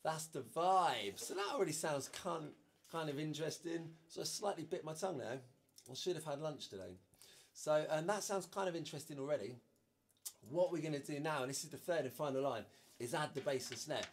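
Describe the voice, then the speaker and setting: A man's voice: a little high, animated, a little fast, husky. Man teaching drums, counting beats aloud. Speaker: drum teacher. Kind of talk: instructional drum lesson.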